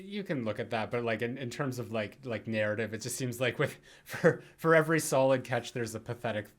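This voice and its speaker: A man's voice: medium pitch, expressive. Rambling man full of "like" fillers. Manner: rambling, halting, heavy use of filler "like". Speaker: podcast co-host. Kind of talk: casual film discussion.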